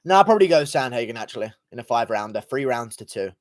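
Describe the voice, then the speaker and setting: A man's voice: medium pitch, expressive, fast. A man hosting a casual livestream, thanking donors and giving loose, profane takes in a rambling, laid-back way. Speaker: livestream host reading donations.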